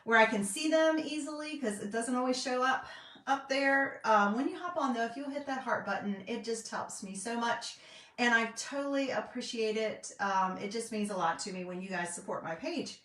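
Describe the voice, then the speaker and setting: The echoey home craft room leaves her voice a bit distant as a middle-aged North Carolina woman with a Southern accent chats live on her craft stream. A craft vlogger and independent designer, she talks at normal speed in a fairly bright, higher voice, sprinkling in fillers and folksy asides.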